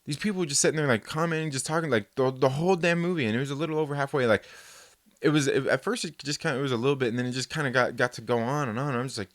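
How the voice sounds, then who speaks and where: A man telling a story in a loose, casual chat, with a voice of middling pitch. He rambles, restarts and swears freely, and slips into quick put-on voices for the people he quotes. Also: fairly bright tone, no room sound. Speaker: host.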